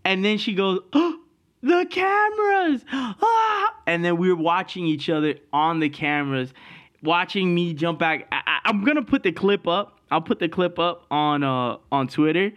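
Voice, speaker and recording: A man's voice: a little high, normal speed, fairly bright tone. A man hosting a podcast, telling a story in a casual, profane way and laughing through it. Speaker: podcast host.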